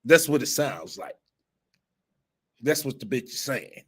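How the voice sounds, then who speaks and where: A man hosting a casual commentary stream. He swears freely, mocks and laughs often, and his voice swings up and down with lively pitch. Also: slow, pauses often. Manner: profane, mocking, laughs often. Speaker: host.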